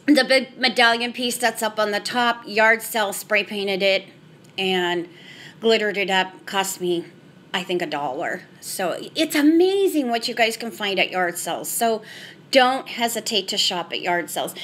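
A woman's voice: medium pitch, fairly bright tone. A middle-aged woman giving a casual tour of her family room, chatty and rambling, recorded on a handheld camera she carries around. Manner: chatty, rambling, frequent "so anyhow". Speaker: home decor vlogger.

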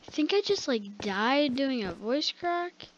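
Excitable young woman gamer, high lively voice. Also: measured pace, dull audio, a little hiss or hum. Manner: excitable, jokey, talks to viewers. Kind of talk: live gameplay commentary.

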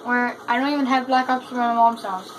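A woman giving casual, chatty commentary while playing a shooter game, excitable and full of exclamations. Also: fairly high pitch, brisk. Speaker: gamer. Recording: noisy gameplay capture.

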